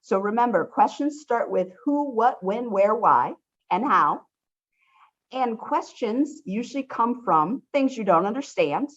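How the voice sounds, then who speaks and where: A woman's voice: on the high side, animated, unhurried. Encouraging woman teaching over video call. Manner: encouraging, upbeat, often says she loves it. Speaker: college instructor. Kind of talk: online workshop teaching. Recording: dull lo-fi video call audio.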